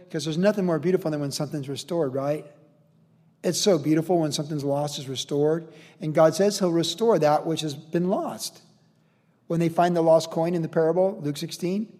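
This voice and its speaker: A man's voice: a little high, darkish tone, big-room sound. A man pastor teaching verse by verse through a Bible passage in an earnest, conversational and emotional way, with rhetorical questions.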